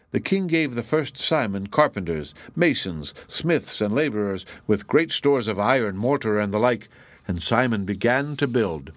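A man narrating a fairy tale in a steady, measured storybook reading. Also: lowish voice, no room sound.

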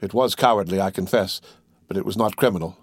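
A man's voice: deep voice, fast talker, dry recording, clean studio sound. A man voicing a remorseful, cowardly innkeeper who confesses his past in a self-pitying way in a storybook reading. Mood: confessing. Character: remorseful, cowardly middle-aged male innkeeper.

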